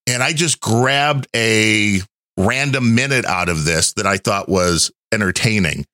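A podcast host rambles through a casual chat, his low voice moving a little slowly and sounding pushed and bright, with plenty of fillers. The recording is studio quality and has no echo.

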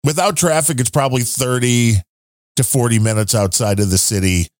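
A man's voice: medium pitch, moderate pace, dry recording, studio quality. A man hosting a podcast in casual chat, rambling along with fillers and asides. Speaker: podcast host.

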